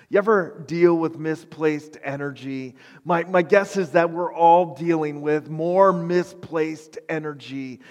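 A man preaching with animated, self-deprecating humor, his voice pitched a little high for a man. The sound carries a long hall reverb behind it. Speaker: pastor. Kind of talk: sermon.

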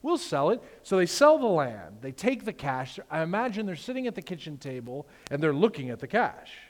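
A man's voice: a little high, brisk. Man preaching in a reverberant hall. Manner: animated storytelling, acts out characters. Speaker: pastor. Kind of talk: sermon. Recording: long reverb of a large hall.

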